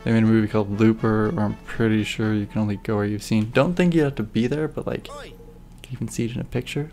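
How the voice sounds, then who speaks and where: A woman's voice: rumbling low, steady tone, quick pace, mellow, faint music behind. A woman streaming a video game, chatting casually with sarcastic asides. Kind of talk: casual gameplay commentary.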